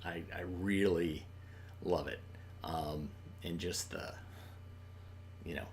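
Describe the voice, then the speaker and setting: Man, deep voice, host, casual film introductions, easygoing and enthusiastic. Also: steady tone, slow pace, pauses often, a little mellow, a little hiss or hum. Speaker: host introducing old films.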